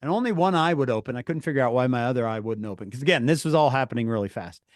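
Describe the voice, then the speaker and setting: A man telling a story to his viewers, animated and laughing through his words, calling on chat by name. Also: medium pitch, very fast, no echo, clean studio sound. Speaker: streamer talking to viewers. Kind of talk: casual storytelling.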